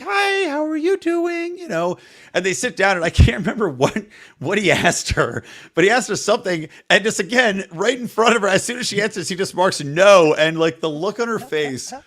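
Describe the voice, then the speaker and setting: A man co-hosting a podcast, recapping a TV show in casual chat and acting out quotes as he tells the story. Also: high-pitched. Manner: animated storytelling, acts out quotes, laughs often. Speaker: podcast co-host.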